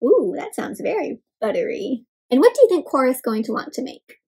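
A young adult woman doing an interactive read-aloud for kids, animated, gasping and asking the children questions. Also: sits high, a little fast, breathy edge. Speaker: children's storyteller.

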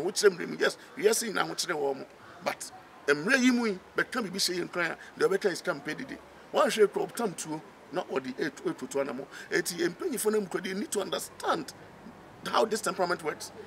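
A Ghanaian man, a reverend and counsellor, giving fast and emphatic commentary that switches between Twi and English. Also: sits high, creaky, fairly bright tone, slight background noise.

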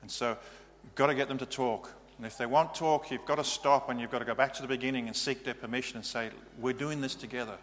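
A man's voice: mid-range voice, fairly even intonation, fast talker, hardly any pauses, fairly bright tone. A male pastor giving a practical, matter-of-fact teaching sermon in a church. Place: church hall. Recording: reverberant hall, faint hum.

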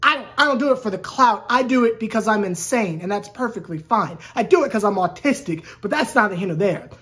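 A woman's voice: mid-range voice, lively intonation, fairly quick, fairly bright tone. A woman sports YouTuber talking in a casual, rambling vlog rant. She is sarcastic and keeps restarting her sentences. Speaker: sports YouTuber covering a basketball team.

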